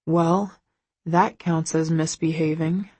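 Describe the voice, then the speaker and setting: A woman voicing a controlling young husband who stays quiet and measured while tense underneath. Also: deep voice, steady tone, breathy edge, dry recording, heavily acted. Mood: wry.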